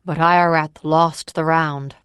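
A reader voicing a thoughtful, steady grown man who speaks earnestly and a little raised. The recording is dry. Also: on the high side, takes it slowly, smooth, no echo. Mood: explaining.

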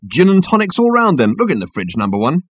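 A man voicing a languid, genial male alien captain who speaks softly and mildly. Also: fairly high pitch, wildly swooping pitch, quick pace, husky, no echo, pitched above the performer's own voice, heavily acted. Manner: soft, mild, drawling.

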